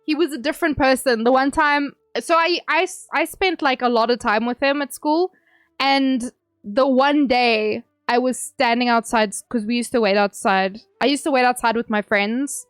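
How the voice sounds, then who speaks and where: A woman's voice: sits high, normal speed, clean tone, dry recording, studio quality, faint music behind. A young woman livestreaming, chatting casually with viewers, reading messages aloud and laughing often. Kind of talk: casual chat with stream viewers.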